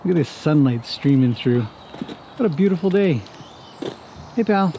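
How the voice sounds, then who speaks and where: A chatty man with a slightly raised pitch, vlogging as he walks round a rural farm. He talks easily to the camera and fondly to the animals. Faint outdoor noise sits behind him. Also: lively intonation, moderate pace, warm tone. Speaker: horse trainer vlogger. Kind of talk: casual walk-and-talk vlog.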